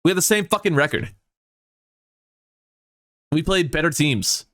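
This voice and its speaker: Excitable, foul-mouthed gaming commentator, man. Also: on the high side, measured pace, no echo, clean studio sound. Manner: excitable, swears a lot, swings from hype to outrage. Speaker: gaming YouTuber. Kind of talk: let's play commentary.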